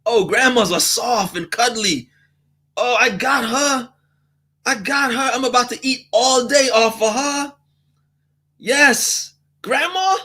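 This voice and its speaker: A man voicing a scheming, freeloading customer in a high, squealing, cackling tone. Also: takes it slowly, sharp tone, husky, full character voice. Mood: gleeful.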